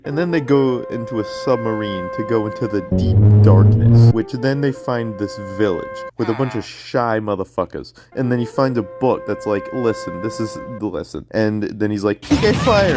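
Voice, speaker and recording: A man narrating a crude, sarcastic comedic summary in a rambling, profane way. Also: on the low side. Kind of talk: fast profane plot summary. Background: loud music.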